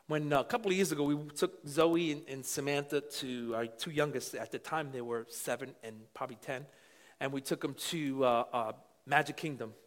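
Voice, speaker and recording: A middle-aged man preaching a sermon with passion, dropping to quiet asides and then rising to shouts. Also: mid-range voice, normal speed. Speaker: pastor.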